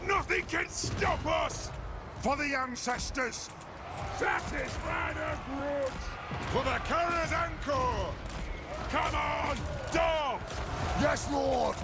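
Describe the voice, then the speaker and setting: A man's voice: very high voice, very animated, drawn-out words, full character voice. An actor voicing fierce, vengeful male dwarf soldiers who bark short battle cries and orders as game voice lines. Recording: loud game battle noise.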